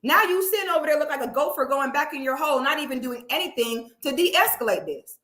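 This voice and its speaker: A woman's voice: sits high, lively intonation, fast, a bit bright, reverberant. A woman in a heated talk to camera, emphatic and profane, ranting with rising intensity. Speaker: online commentator.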